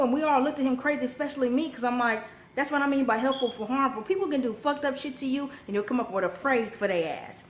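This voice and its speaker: A young woman with a fairly high voice tells a story straight to camera, blunt and cussing freely, her voice jumping up whenever she gets worked up. The sound bounces around an echoey room at home, with a faint hiss behind her. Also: fast. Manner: blunt, profane, animated storytelling with sudden rises. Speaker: vlogger telling a personal story. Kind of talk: casual storytime monologue.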